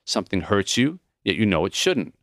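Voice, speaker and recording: A gentle old professor, soft-voiced and calmly accepting as his breath runs short, as a man reads him in an audiobook. He speaks a little lower than the reader's own voice, with lively rises and falls. The recording is dry and close. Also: normal speed, no room sound. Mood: teacherly. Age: older.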